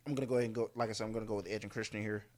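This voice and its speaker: A man's voice: fairly low pitch, little pitch movement, racing, darkish tone. A man co-hosting a podcast, giving casual wrestling predictions with hesitant fillers and joking asides. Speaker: podcast co-host.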